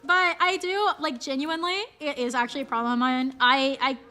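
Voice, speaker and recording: A woman's voice: sits high, steady tone, fairly quick, pushed and bright, soft background music. A woman streamer giving chatty, rambling game commentary, poking fun at herself. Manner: chatty, rambling, self-mocking.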